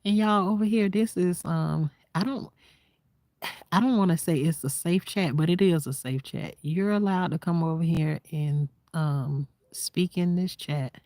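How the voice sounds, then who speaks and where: A woman vlogger talking casually and reflectively to her viewers, soft-spoken and half-whispering, sitting outdoors at night in the quiet countryside. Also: lowish voice, unhurried, dry recording. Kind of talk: casual heartfelt talk to viewers.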